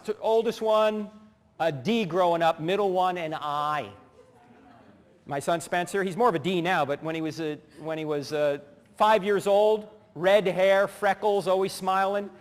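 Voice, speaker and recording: A middle-aged man giving a humorous teaching talk, telling animated stories, acting out voices and laughing as he goes. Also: high voice. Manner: animated storyteller who acts out voices and laughs. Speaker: speaker. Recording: long hall reverb.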